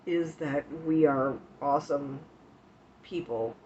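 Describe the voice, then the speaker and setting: Woman streamer talking slow to her chat, lots of pauses, gets teary, kinda dull muffled mic. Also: low voice, darkish tone. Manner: emotional, tearful and grateful; slow, halting with many pauses. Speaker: live streamer. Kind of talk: casual chat with viewers. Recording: dull lo-fi stream audio with faint hiss.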